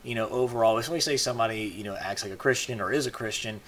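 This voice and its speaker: A man's voice: fairly low pitch, quick pace, a bit bright. A man talking to camera in a casual monologue, rambling with many fillers and restarts. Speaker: video blogger.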